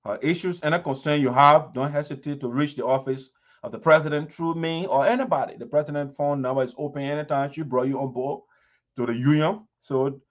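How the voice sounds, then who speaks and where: A man giving impassioned community commentary, emphatic and repetitive, his voice rising to sharp peaks. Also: fairly high pitch, fairly quick. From Liberia. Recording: dull lo-fi sound.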